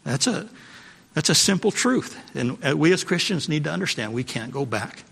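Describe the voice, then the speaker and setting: A husky, slightly high voice with vocal fry and a bit of brightness carries this animated pastor's sermon at a moderate pace. He repeats phrases for emphasis and calls to the congregation in a church sanctuary with long hall reverb.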